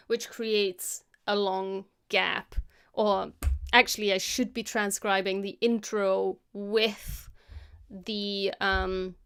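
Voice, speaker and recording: A woman's voice: medium pitch, smooth. A woman from Germany with a German accent mixed with British English, thinking aloud in a casual live stream as she edits, hesitant and full of self-corrections. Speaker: motion designer and video editor live-streaming her work. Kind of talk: casual live-stream narration while editing.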